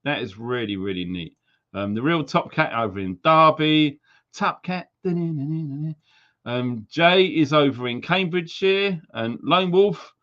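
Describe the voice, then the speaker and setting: A man's voice: on the high side, animated, measured pace, a bit bright. A man hosting a live stream, reading out viewers' names and places in a chatty, jokey way and slipping into silly accents. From Wales. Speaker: livestream host. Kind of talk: casual live-stream shout-outs. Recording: slightly dull lo-fi stream audio.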